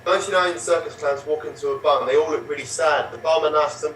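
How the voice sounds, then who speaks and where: A man telling quick, deadpan punchline jokes in an improv game. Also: on the high side, slight background noise. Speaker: improv player. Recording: roomy, distant mic.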